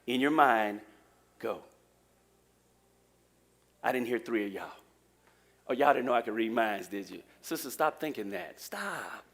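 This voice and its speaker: A man preaching a lively sermon in a church, joking with the congregation. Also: medium pitch, unhurried, long pauses. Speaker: pastor.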